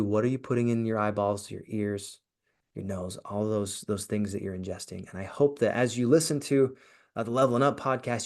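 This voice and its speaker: Man guest on a podcast, lowish voice, earnest, repeats words as he restarts. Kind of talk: motivational interview talk.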